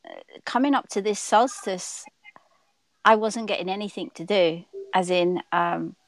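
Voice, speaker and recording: An English woman chats as a guest on a live video call, warm in her words and easygoing. Her voice sits at a mid pitch for a woman. The sound is dry and close. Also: measured pace, no echo, low-quality recording. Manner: chatty and affectionate. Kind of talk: casual livestream chat.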